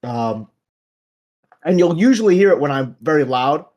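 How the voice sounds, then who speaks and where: A man's voice: on the high side, expressive, moderate pace, highs cut off. A young man from Long Island, New York, with a Long Island accent, chatting loosely and profanely as a podcast guest. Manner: loose and profane, jumps into loud mock voices. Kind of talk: casual podcast chat.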